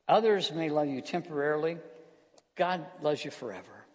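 A man preaching an earnest sermon as pastor, slowing down and softening his voice on key words. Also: a little high, expressive. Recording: long hall reverb.

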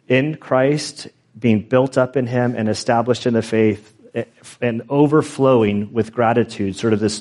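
A middle-aged pastor telling stories in a loose, self-deprecating sermon with many restarts and asides. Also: male voice, medium pitch, a little mellow. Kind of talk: conversational Bible teaching with stories.

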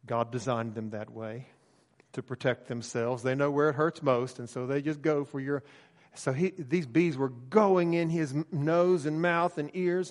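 Pastor, middle-aged man, mid-pitched, folksy sermon storyteller, long hall echo. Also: moderate pace. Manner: relaxed storytelling with frequent fillers.

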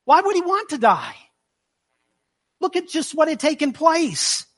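A man's voice: very high-pitched, very animated, unhurried, a bit bright. A man preaching a sermon in a conversational way, acting out the scripture as he reads it. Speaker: pastor.

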